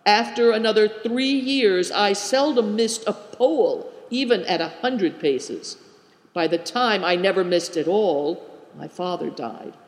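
A man reading the part of a weathered former soldier who speaks earnestly and apologetically. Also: high voice. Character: weathered male former soldier, modest marksman. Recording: roomy with a long reverb.

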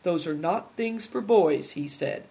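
A reader voicing a lively, inquisitive young boy who exclaims eagerly, in a storybook reading. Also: mid-range voice, measured pace, natural voice.

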